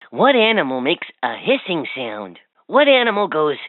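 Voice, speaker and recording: A bouncy, sing-song talking toy. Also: female voice, deep voice, dry recording. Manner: bouncy sing-song quizzing, eager and playful. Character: cheerful chatty talking toy, playful and teasing. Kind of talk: toy voice lines. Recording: tinny, dry toy speaker audio.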